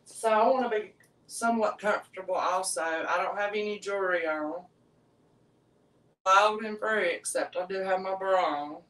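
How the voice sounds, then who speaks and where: A woman's voice: medium pitch, normal speed, a bit bright, rough recording. A woman, chatting heartfelt and openly to her live-stream viewers as a jewelry seller.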